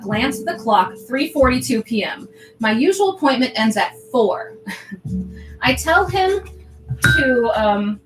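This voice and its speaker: A woman with a fairly bright, higher voice livestreams herself reading her diary aloud, pausing for asides and laughing often between lines. The sound is roomy and echoey, with faint music in the background.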